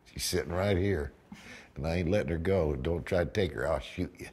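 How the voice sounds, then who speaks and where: An older man from the United States chatting in a video diary, emotional and folksy with rough jokes. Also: low voice, brisk, darkish tone, slight background noise. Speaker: reality TV bounty hunter. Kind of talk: casual video diary chat.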